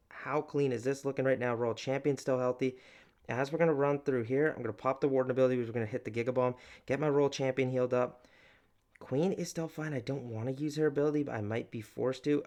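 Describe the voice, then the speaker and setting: A man giving gameplay commentary, explaining each move step by step and talking directly to his viewers in an upbeat, enthusiastic way. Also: medium pitch. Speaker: gaming video creator.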